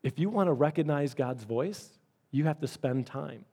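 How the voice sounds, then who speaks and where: Male pastor, middle-aged, slightly high voice, earnest conversational sermon delivery. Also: lively intonation, normal speed, dark tone, breathy edge. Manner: earnest, conversational preaching with repeated phrases.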